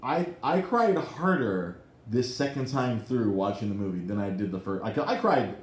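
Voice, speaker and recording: A man co-hosting a podcast in casual chat, excitable and swearing freely, with many restarts. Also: on the low side, normal speed, echoey room. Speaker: podcast co-host. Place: podcast studio.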